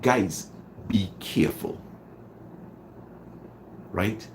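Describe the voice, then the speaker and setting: This Trinidadian livestream host from Trinidad and Tobago speaks very slowly in a lowish voice, greeting viewers and repeating phrases with dramatic emphasis during his motivational stream. A little hiss or hum runs under the recording.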